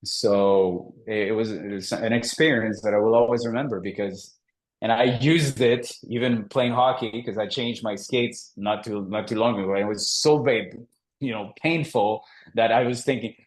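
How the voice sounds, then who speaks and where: Casting: male podcast guest, low voice, animated storyteller who acts out the dialogue. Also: moderate pace. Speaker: guest, executive coach. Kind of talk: conversational interview storytelling.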